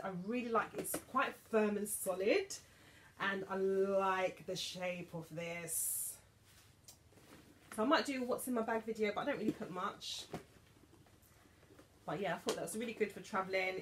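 Woman, late thirties, chatty and giggly, casual haul talk, mid-pitched voice, faint background hiss. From England. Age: 30s. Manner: chatty, giggly, emotional asides. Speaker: vlogger.

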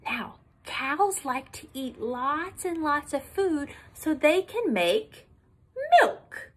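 A young woman leading a sing-along music lesson for toddlers, animated and coaxing in an exaggerated way. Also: sits high, slow. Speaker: children's music teacher.

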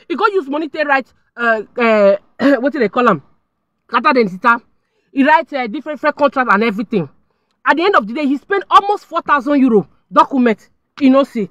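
Nigerian lady vlogging her story, high voice, super expressive, dry close sound. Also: no room sound, muffled recording. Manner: dramatic, emphatic, addresses viewers directly. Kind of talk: animated storytelling to viewers.

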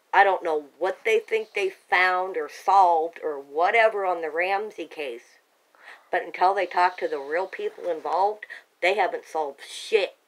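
A woman's voice: on the low side, poor audio. A woman speaks in an agitated, insistent ramble, doubling back and restarting her sentences as she insists on her version. It is a plain home recording, made on a camera held by a family member. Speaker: parent telling her own account.

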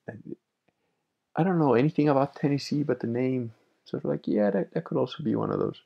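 A man's voice: on the low side, creaky, darkish tone, breathy edge. A man hosting a livestream, reading chat messages aloud and answering them bluntly with frequent laughs. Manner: blunt, opinionated, laughs often.

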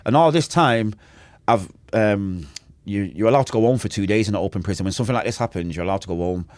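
Speaking quickly in a slightly mellow, lowish voice, this podcast guest from Manchester, England, pours out an intense and emotional story from his own life. There's no echo, and he performs the quoted lines in character.

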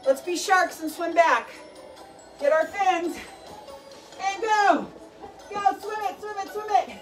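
A very high-pitched woman leads a children's workout, talking slowly and cheering everyone on as she calls out each move. Her voice is picked up from a distance, with music playing behind her. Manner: encouraging, calls out moves and cues. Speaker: fitness instructor. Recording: distant mic with background music.

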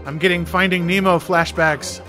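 A man's voice: sits high, steady tone, moderate pace. A man hosting a gaming channel, giving playful let's play commentary and chatting to the game characters. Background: game music.

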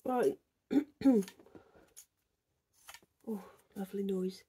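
A woman's voice: mid-range voice, extremely slow, mellow, husky. A woman chatting casually to camera in a vlog, self-deprecating and talkative. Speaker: vlogger. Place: outdoors and at home.

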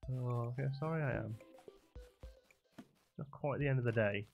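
Male streamer with a gravelly voice, talking to himself and to chat, faint game music underneath. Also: mid-range voice, normal speed, narrow, tinny audio. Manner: chatty, thinks aloud while playing. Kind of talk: casual gameplay commentary.

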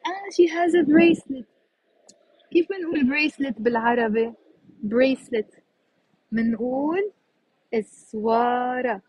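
A Lebanese woman teaching Arabic on a live stream while walking down a city street, chatty and repeating each new word slowly. She speaks into a phone held in her hand. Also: high-pitched, rough recording. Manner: explains words, repeats each one slowly, chatty asides.

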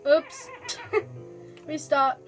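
A young woman giving excitable, giggly let's-play commentary on a game, chatting to her viewers as she plays. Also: high-pitched, very slow, faint music behind. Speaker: gaming video host.

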